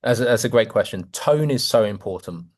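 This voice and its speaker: A man hosting a sales masterclass over a video call, speaking casually and playing out buyer and seller lines to make his points. His delivery swings widely in pitch. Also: fairly quick. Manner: lively, acts out sales dialogue in varied voices. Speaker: sales coach and host. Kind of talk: teaching on a group call.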